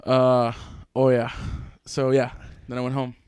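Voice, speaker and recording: A man in a casual podcast chat, easygoing and quick to laugh, recapping a story in a soft, low-key way. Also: completely flat delivery, smooth, no echo.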